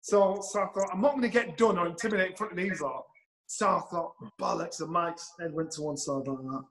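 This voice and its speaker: A middle-aged man, telling a story in an animated way, swearing and acting out the lines he quotes. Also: high voice, a little fast, poor audio. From England. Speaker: guest storyteller. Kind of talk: anecdotal storytelling.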